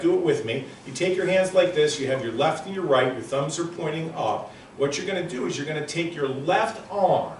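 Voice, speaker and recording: A man in his sixties giving a live motivational lecture to an audience in a room, telling stories in an animated, punchy and emphatic way. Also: on the high side, slight background noise. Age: 60s. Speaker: motivational speaker. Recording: very echoey room, voice from a distant mic.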